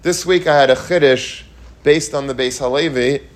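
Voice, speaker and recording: Teaching the weekly Torah portion in a slightly high voice at normal speed, this man delivers an earnest, repetitive lecture. He asks rhetorical questions and mixes in Hebrew and Yiddish words.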